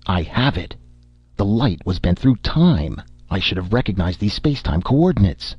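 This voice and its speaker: A man's voice: sits low, sing-song, normal speed, slightly rough, dry recording, lo-fi sound, full character voice. A man voicing an anxious, driven young male scientist who stammers when upset, in a storybook reading. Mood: excitedly explaining.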